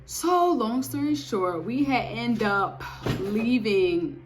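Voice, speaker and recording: A woman giving a casual spoken testimony of faith, telling her story in an animated, emphatic way with lots of repetition. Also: fairly high pitch, slow pace.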